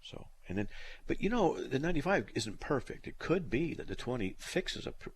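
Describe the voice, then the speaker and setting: A man's voice: fairly low pitch, a little hiss or hum. A middle-aged man hosting a live call-in radio show, answering listener questions in a blunt, plain-spoken way with dry, teasing humor.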